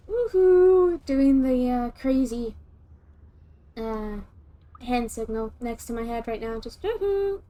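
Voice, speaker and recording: A woman from the southern United States talks with viewers while she streams a game. She holds a soft, calm voice that she puts on, pitched high with a mellow, dark tone. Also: takes it slowly, long pauses. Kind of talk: casual gaming stream chat.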